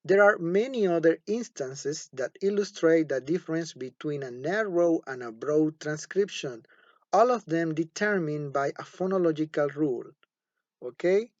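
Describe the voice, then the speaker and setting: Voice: mid-range voice, darkish tone, no echo. A teacher giving a phonetics lecture, patient and repetitive, often checking in with the class. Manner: patient, repeats words and asks "okay?" often. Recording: dull lo-fi dry recording.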